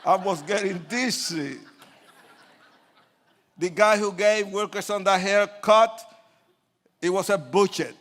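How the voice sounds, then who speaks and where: Speaking slowly with long pauses, a high-voiced older man from Puerto Rico dramatically shares his life story as testimony before an audience. He performs quoted lines, shifts from quiet to loud, and trades jokes with the crowd.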